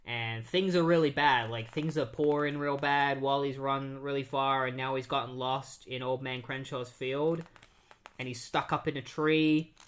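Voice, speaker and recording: Guy rambling through a comic recap on his podcast, lots of likes and restarts, mid pitch. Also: steady tone, measured pace, fairly bright tone. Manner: rambling, with many fillers and restarts. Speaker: podcast host. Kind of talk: casual comic book recap.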